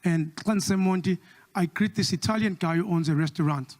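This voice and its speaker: A South African man doing stand-up comedy with a South African accent, mixing English and Xhosa and slipping into quick impressions. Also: high voice. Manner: switches between English and Xhosa, lively impressions.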